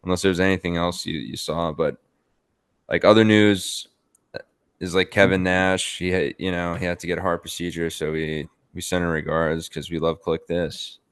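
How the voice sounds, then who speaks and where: A man's voice: deep voice, level tone, moderate pace, smooth, no echo, clean studio sound. A man co-hosting a podcast in casual chat, rambling with lots of "like" and some swearing. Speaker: podcast co-host.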